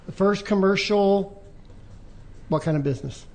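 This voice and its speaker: A man with a notably high speaking voice chats casually on a radio talk show. He quizzes his co-hosts on trivia and tells rambling stories that trail off. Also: moderate pace, a little mellow, slight background noise. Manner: chatty storyteller, trails off with "so".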